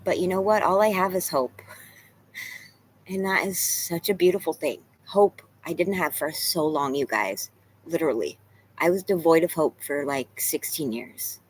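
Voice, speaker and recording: A woman's voice: sits low, normal speed, slight background noise, poor audio. A woman around forty-two, tearful and candid, rambling in a casual vlog with some swearing. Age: 40s. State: crying. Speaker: vlogger. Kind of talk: emotional casual vlog talk, reading chat.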